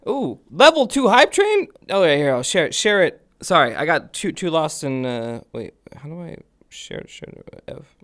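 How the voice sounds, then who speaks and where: A man's voice: on the high side, fairly bright tone. A man live streaming, telling stories in casual chat, laughing and swearing often.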